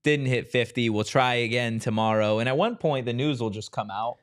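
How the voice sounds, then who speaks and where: A man's voice: medium pitch, brisk. A man hosting a sports talk show, brash and mocking, swearing freely in casual chat.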